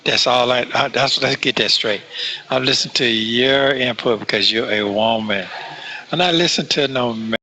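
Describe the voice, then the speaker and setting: A man's voice: mid-range voice, normal speed, pushed and bright. A man in a played clip who insists on his point and keeps repeating himself. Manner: insistent, repetitive.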